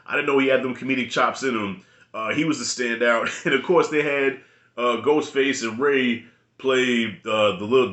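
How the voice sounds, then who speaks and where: A man's voice: mid-range voice, a bit bright, echoey room. A man giving a casual spoken review of a TV episode, loose and rambling, with slangy, profane talk. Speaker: video reviewer.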